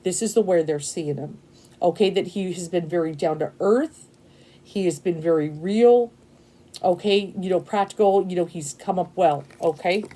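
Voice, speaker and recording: A woman's voice: on the low side, moderate pace. Emotional woman doing a tarot reading. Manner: emotional and excitable, rambling with many fillers and "okay?" checks. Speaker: tarot reader. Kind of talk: casual tarot reading to camera.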